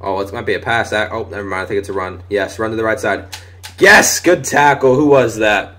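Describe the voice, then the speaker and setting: A young man giving loose, profane live commentary over a football video game, shouting at big plays. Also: on the low side, a little fast. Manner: excitable, swears often, shouts at big plays. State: voice briefly giving out. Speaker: gaming commentator.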